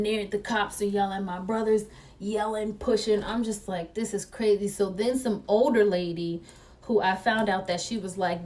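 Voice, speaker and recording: A young woman telling a story to the camera in an animated way, acting out the voices she quotes. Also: medium pitch, far from the mic. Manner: excitable, acts out quoted voices.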